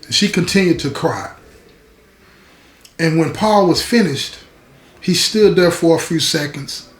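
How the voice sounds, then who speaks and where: A man telling a story in a casual, conversational style. He talks directly to his audience at a slow pace. His voice is slightly high and echoes in a roomy space. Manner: conversational, addresses listeners directly. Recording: roomy echo.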